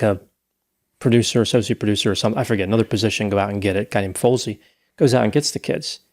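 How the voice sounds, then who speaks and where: Gravelly low-voiced man recounting a case. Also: darkish tone. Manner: storytelling, recounting details at length. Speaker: podcast host. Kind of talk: casual true-crime discussion.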